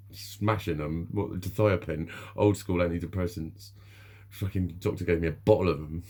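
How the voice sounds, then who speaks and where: A man's voice: sits low, steady tone, normal speed, warm tone, breathy edge. A middle-aged man, talking candidly to camera in a rambling, sweary way, laughing often. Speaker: vlogger. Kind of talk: candid personal monologue.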